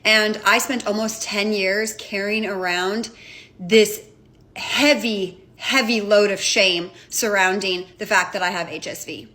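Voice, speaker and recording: A woman's voice: mid-range voice, steady tone, measured pace, pushed and bright. A woman in her twenties speaking firmly and directly to camera. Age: 20s. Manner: firm, declarative. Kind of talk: earnest direct-to-camera statement.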